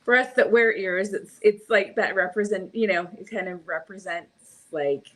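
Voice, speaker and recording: A woman's voice: medium pitch, normal speed, a bit bright. A woman with a Californian accent, chatting casually as a podcast co-host, rambling and laughing often. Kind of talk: casual chat.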